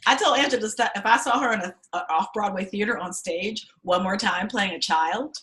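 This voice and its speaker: A woman's voice: mid-range voice, fairly quick, bright, forceful tone. A woman teaching an acting class, telling blunt, profane stories and acting out the people she quotes. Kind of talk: class talk to students.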